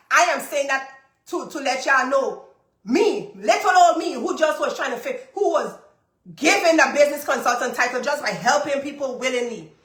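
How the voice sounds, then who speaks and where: Animated woman, high bright voice. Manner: animated storytelling, repeats phrases for emphasis. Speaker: business coach and livestream host. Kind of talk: casual testimony to a live audience. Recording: echoey room.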